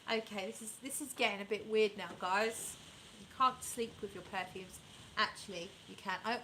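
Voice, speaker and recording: A chatty woman reviewing fragrances for her viewers, her voice crisp and bright with a middling pitch. She talks casually and enthusiastically, rambling and often stopping to correct herself. A faint hum of room noise sits behind her. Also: low-quality recording. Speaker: fragrance vlogger. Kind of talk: casual chat reviewing perfumes and reading live comments.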